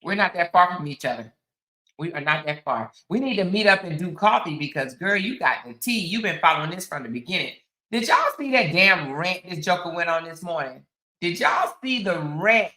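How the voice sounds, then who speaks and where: A woman's voice: fairly low pitch, animated, normal speed, bright, forceful tone, roomy sound. A woman, hosting a casual live stream, chatting straight to her viewers and reading out their comments. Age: 50s. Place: on the outskirts of Houston, Texas.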